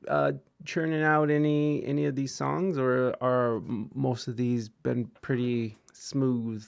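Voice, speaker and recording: Gravelly-voiced male stream host. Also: mid-range voice, level tone. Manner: halting, thanks viewers between questions. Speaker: host of a livestreamed show. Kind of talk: casual chat.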